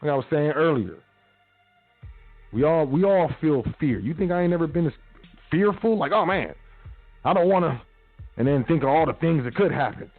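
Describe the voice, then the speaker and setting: A man's voice: on the high side, expressive, brisk, dry recording, faint music behind. A man hosting a radio show, giving casual motivational talk in a slangy big-brother tone, acting out little quotes. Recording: tinny phone-like audio.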